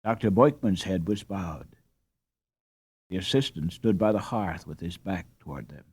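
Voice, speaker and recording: A man narrating a classic children's novel in a measured, expressive storytelling manner. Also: low-pitched, slightly rough, no echo. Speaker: audiobook narrator. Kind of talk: scripted narration.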